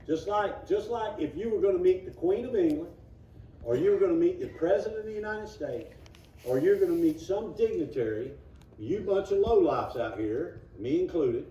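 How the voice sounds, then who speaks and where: Man, Sunday school teacher, folksy, acts out the quotes, mellow voice, dull distant recording. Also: a little high, roomy sound, slight background noise. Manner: reads scripture aloud, then explains it. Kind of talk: informal Bible class teaching.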